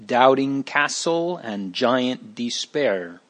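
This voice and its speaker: Casting: male narrator, unhurried, measured storybook reading, middle pitch. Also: expressive, fairly bright tone. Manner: slow, deliberate reading.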